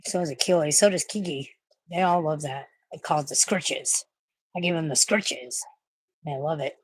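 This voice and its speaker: A woman's voice: low-pitched, moderate pace, slightly rough. A woman chatting casually and rambling to her viewers from her bedroom, swearing freely and cooing at her pets. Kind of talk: casual livestream chat. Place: bedroom at home.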